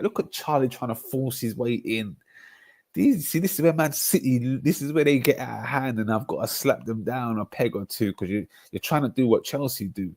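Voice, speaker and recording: A young man, bantering on a live football stream and reacting to chat in slangy, excitable bursts. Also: medium pitch, normal speed, dry recording.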